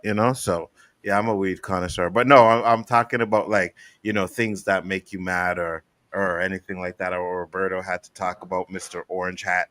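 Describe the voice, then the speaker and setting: A man co-hosting a podcast, casually telling animated stories and acting out the people he quotes. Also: low-pitched, brisk, no room sound. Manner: animated storytelling, acts out quotes. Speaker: podcast co-host. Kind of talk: casual chat.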